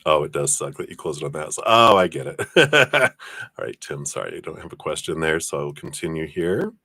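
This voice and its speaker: Low deep guy doing live card readings, chatty and kinda hesitant, dry close mic. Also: lively intonation, fairly quick, bright, forceful tone, dry recording. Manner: chatty, reads viewer names and passes on spirit messages. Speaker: tarot reader.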